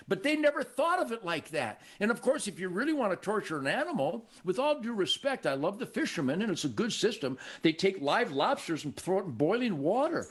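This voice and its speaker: An older man from Michigan hosting a show, telling stories in a cocky, animated way and acting out the voices of people he quotes. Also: sits high, fairly quick, hardly any pauses. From Michigan, USA. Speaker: show host. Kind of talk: casual storytelling conversation.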